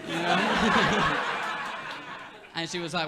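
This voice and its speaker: A man's voice: a little high, moderate pace, pauses often, bright, forceful tone. Laid-back man doing stand-up. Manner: laid-back, filler-heavy delivery with frequent "like" and "you know". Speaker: stand-up comedian. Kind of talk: stand-up set. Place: comedy club stage. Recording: noisy club recording with audience laughter. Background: audience laughter.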